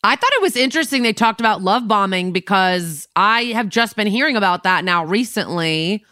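A woman co-hosting a podcast, chatting casually and quickly. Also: mid-range voice, expressive, bright, forceful tone, dry recording, studio quality. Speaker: podcast co-host. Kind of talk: casual chat.

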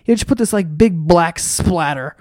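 A podcast host riffing through a profane, rambling comedic monologue with animated storytelling. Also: medium pitch, normal speed, dry recording, studio quality.

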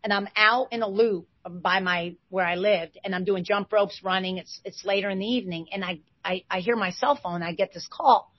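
Animated woman telling a lively story. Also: medium pitch, normal speed, few pauses, no room sound. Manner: lively, excitable retelling with bursts of loudness. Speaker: interview guest, former basketball player. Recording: dull, slightly lo-fi sound.

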